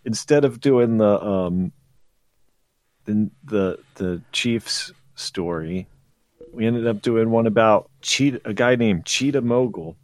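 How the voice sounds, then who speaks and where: A man's voice: fairly low pitch, takes it slowly, no echo. A man co-hosting a podcast who rambles loosely with fillers and swearing. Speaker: podcast co-host. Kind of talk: casual podcast chat.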